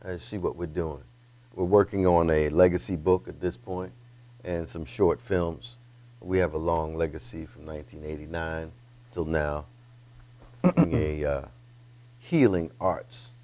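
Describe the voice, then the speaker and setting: A man who is a singer and actor, a guest in an interview, spelling things out slowly and correcting himself. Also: very deep voice, steady tone, mellow. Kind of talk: casual interview talk.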